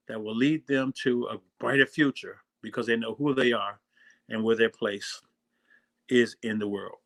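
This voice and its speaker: A man giving a workshop lesson on storytelling, telling a moving tale and then driving home its lessons with soft, dramatic drops in his voice. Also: mid-range voice. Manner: swings between loud punches and soft whispers. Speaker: storytelling speaker.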